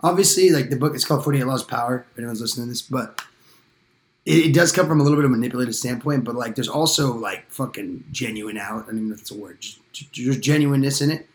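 A man's voice: mid-range voice, fast talker, echoey room. A young man in his twenties chatting casually with friends on a podcast, laid-back and slangy, rambling as he talks. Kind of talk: casual chat among friends.

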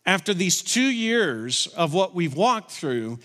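A male pastor delivering a sermon with a bright, forceful tone and a slightly raised pitch. He slows down and leans in on spoken prayers. His voice rings with the long reverb of a large church hall. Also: big pitch swings. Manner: preaching with slowed, emphatic prayer lines.

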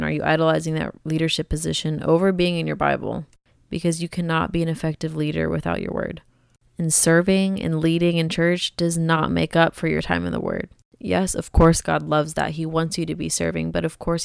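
A young adult woman hosts a faith podcast, speaking in an earnest, conversational and encouraging way. Her voice is low-pitched, gravelly and smooth, and the clean studio recording has no room sound.

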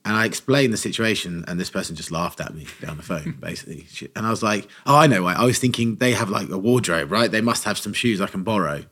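A man co-hosting a podcast, telling a funny story in a casual, animated way and acting out quotes. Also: sits low, fast talker, hardly any pauses, husky. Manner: animated anecdote teller, acts out quotes.

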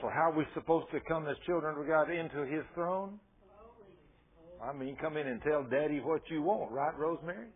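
A man's voice: fairly high pitch, fairly quick, husky. A man preaching a sermon in a fervent, folksy way, acting out the people in his stories. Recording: tinny phone-like sermon recording.

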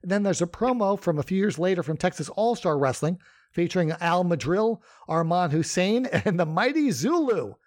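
A man's voice: high-pitched, very animated, moderate pace. A man co-hosting a casual podcast, talking in a conversational way with many fillers and restarts. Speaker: podcast co-host. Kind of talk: casual podcast chat about wrestling history.

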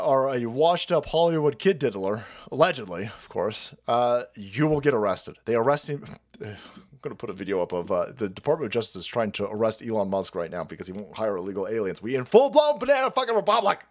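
A man hosting a political livestream, ranting in a profane, combative and sarcastic way. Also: mid-range voice. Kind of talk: ranting commentary.

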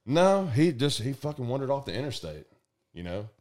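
A man, casually telling a profane, animated story to friends and acting out the voices. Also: medium pitch, moderate pace.

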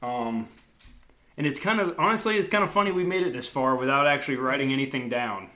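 A man's voice: medium pitch, brisk, bright, forceful tone. A young man hosting a casual podcast, talking in a rambling, laid-back, self-mocking way. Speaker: podcast host.

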